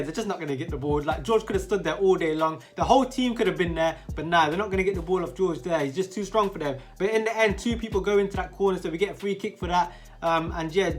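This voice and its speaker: A young man giving a slangy, casual voice-over commentary on a football match. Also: high voice. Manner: excitable, slangy, keeps saying bro and like. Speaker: youtuber commentating his own team's match.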